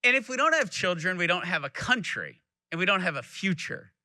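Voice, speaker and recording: A man's voice: high-pitched, very animated, a little fast, pushed and bright, dry recording. A man in his thirties from Texas giving a keynote speech, telling family stories and acting out quotes. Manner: storytelling with acted-out quotes. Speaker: keynote speaker. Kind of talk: speech to a live audience.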